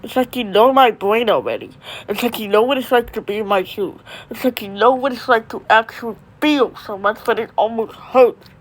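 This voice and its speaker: A woman's voice: a little high, lively intonation, moderate pace. A woman playing a hurt, earnest young son.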